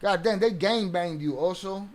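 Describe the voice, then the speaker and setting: A man's voice: high-pitched, measured pace, darkish tone. A man streaming live and reacting to an interview, ranting at a viewer in a profane, confrontational way.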